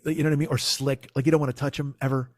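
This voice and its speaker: A man's voice: mid-range voice, little pitch movement, very fast, darkish tone. A middle-aged man hosting a comedy podcast, telling a rambling, profane anecdote in casual chat.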